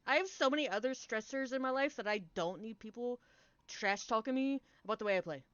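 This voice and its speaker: A woman's voice: on the high side, brisk, fairly bright tone, smooth, lo-fi sound. A young woman streamer chatting casually to her viewers, candid and rambling, often laughing and swearing. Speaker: game streamer.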